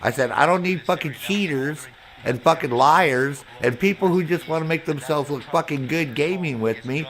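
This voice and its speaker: A man's voice: fairly high pitch, brisk. A man streaming a game, telling his chat an angry story about a clan member, quoting both sides and cursing heavily. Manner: heavy cursing, animated storytelling with quoted back-and-forth. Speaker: gaming streamer.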